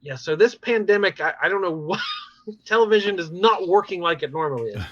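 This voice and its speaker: A man hosting a podcast, recapping TV episodes in an animated, rambling way with many fillers. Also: high voice, brisk, lo-fi sound. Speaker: podcast host. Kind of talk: casual chat recapping TV episodes.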